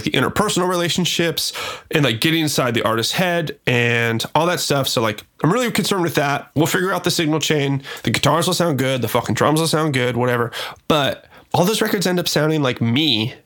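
An American record producer chats loosely on a casual podcast, swearing freely and using lots of fillers. His voice is somewhat high and a bit bright, with brisk pacing and lively intonation.

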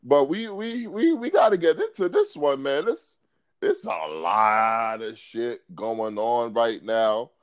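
Animated laughing podcast host man. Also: slow pace, no room sound, dull audio. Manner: animated, laughs often, jumps high when excited. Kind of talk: casual podcast chat.

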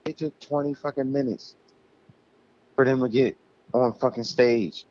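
A man's voice: mid-range voice, steady tone, measured pace, a little mellow, highs cut off. A man co-hosting a casual podcast, ranting heatedly and swearing a lot. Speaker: podcast co-host.

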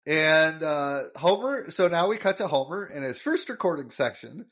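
A man's voice: on the high side, moderate pace. A man co-hosting a podcast, recapping an episode in casual chat and explaining things with plenty of fillers. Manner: relaxed, explanatory, lots of fillers. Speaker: podcast co-host.

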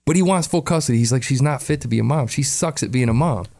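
A man co-hosting a podcast in casual chat, retelling a friend's story with animated quotes and frequent laughter. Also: medium pitch, quick pace, vocal fry. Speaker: podcast co-host.

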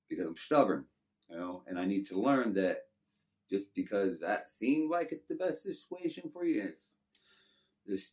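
A man's voice: sits low, a little mellow. A middle-aged man from Texas with a Texan accent, telling his life story in a laid-back, rambling way. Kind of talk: casual storytelling. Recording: distant from the mic.

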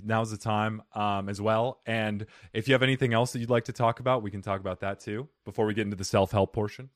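Man, podcast host, low voice, lively intonation, dry close sound. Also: fast talker, no echo. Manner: upbeat, rambling, laughs a lot. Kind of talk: casual podcast chat.

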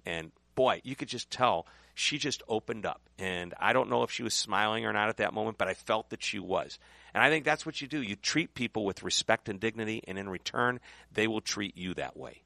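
Male host, fairly low, gravelly and bright, anecdotal and jokey. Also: brisk, no room sound. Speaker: show host. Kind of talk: casual interview chat.

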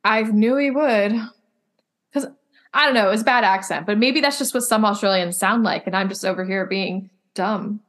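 A woman's voice: mid-range voice, normal speed, a bit bright. A woman co-hosting a podcast in casual chat, rambling and doubting herself as she talks.

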